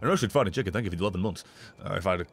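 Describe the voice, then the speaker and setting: A man streaming a video game, swearing, yelling in frustration and laughing at himself as he talks to the game. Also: low voice, very fast, vocal fry. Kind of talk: casual gameplay commentary.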